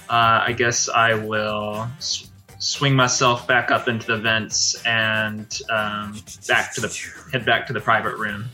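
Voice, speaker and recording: A man's voice: mid-range voice, bright, forceful tone. A man playing a tabletop game, hesitant and full of fillers. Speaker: player. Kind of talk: casual tabletop play.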